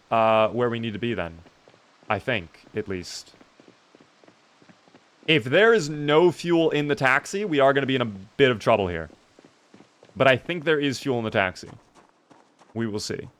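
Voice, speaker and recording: This young man's voice is medium in pitch and a bit bright. He streams himself gaming, giving casual commentary full of swear words and launching into rants whenever he's angry.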